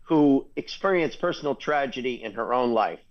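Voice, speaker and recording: A man's voice: medium pitch, expressive, moderate pace, dull audio. An older man hosting a talk radio show, blunt and opinionated, chuckling at his own jokes.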